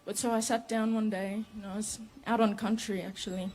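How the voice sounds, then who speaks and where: A young woman, a rapper talking earnestly to a live crowd between songs, quietly and quickening when excited. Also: medium pitch. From Northern Territory, Australia. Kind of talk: onstage talk between songs. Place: outdoor festival stage.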